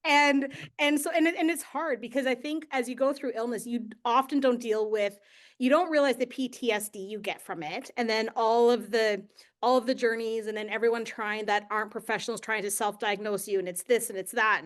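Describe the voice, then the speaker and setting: A woman co-hosting a podcast talks in an animated, chatty way, full of fillers and quoted asides. Her voice sits a little high. Her delivery is casual and conversational. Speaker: podcast guest host.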